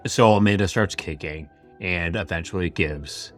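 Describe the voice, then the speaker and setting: Male podcast host, very low voice, casual chatty true-crime retelling, faint music underneath. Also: moderate pace, fairly bright tone. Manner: chatty retelling full of "like" and asides. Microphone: camera-facing setup.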